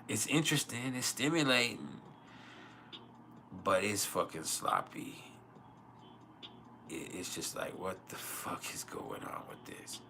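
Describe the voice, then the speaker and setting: A man's voice: low voice, bright, forceful tone, slight background noise. A man hosting an astrology livestream, sleepy and rambling in casual chat, swearing often and laughing.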